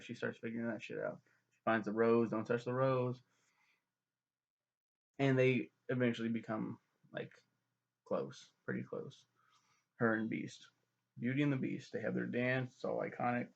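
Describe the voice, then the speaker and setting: A man giving a rambling, profane casual movie recap, slipping into quick voices for the characters. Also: mid-range voice, creaky, muffled recording. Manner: loose, profane, mimics characters in quick asides. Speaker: film reviewer.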